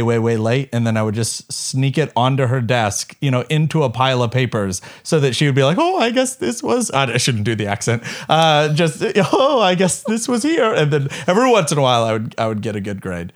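A young adult man talking casually, telling stories in an animated way with quick asides. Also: medium pitch. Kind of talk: casual chat.

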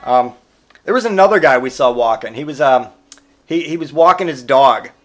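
A man's voice: medium pitch, animated, normal speed. A father telling crude, jokey anecdotes in a rambling, casual storytelling monologue.

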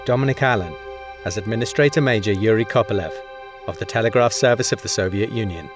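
Guy reading cast credits, formal, lowish voice, music behind. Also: fast. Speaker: announcer. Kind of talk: scripted announcement.

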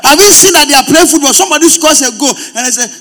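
A man with a Ghanaian accent preaching a sermon as pastor, speaking straight to his congregation in an animated way. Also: very high-pitched, fast talker, some chatter behind.

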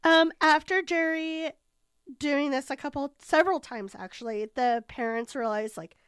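A young woman co-hosting a podcast, with a slightly high voice and a dry, close sound. She chats casually and laughs often. She retells stories with little acted quotes. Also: normal speed, fairly bright tone, no room sound. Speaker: podcast co-host. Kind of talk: casual chat.

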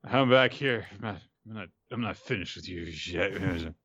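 A man's voice: sits low, normal speed, a bit bright, no room sound, lo-fi sound, voice pushed down. A man voicing a fierce, single-minded woman warrior in a casual retelling, curt and impatient.

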